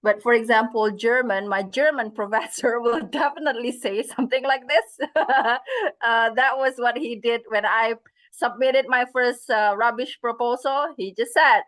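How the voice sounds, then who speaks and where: A woman's voice: a little high, normal speed, a bit bright. A woman lecturing an online class, asking students questions and mixing in phrases. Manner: interactive, asks questions, switches into Indonesian phrases. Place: video call.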